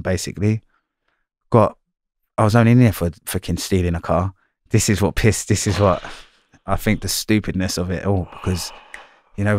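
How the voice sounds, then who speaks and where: A man's voice: fairly low pitch, no echo, studio quality. A man telling his life story in an interview, blunt and slangy, swearing and repeating himself. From London.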